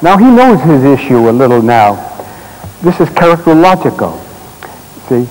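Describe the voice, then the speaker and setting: A man leading a live therapy demonstration on a stage, giving gentle, directive instructions in short commands and explaining to the audience as he works. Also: medium pitch, sing-song, normal speed, a little hiss or hum, low-quality recording. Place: stage at a congress.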